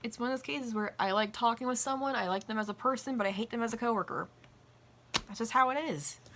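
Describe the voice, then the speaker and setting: A young adult woman vlogger casually telling work stories in an animated way, swearing freely. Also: fairly high pitch, fast talker, slight background noise. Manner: animated, acts out quoted voices, swears casually. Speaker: vlogger and restaurant worker. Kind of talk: casual storytelling.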